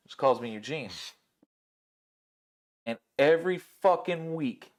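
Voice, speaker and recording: A man's voice: a little high, slow pace. A man hosting a casual podcast chat, telling stories with lots of swearing and acting out the people he quotes. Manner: animated, swears freely, acts out quoted people. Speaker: podcast host.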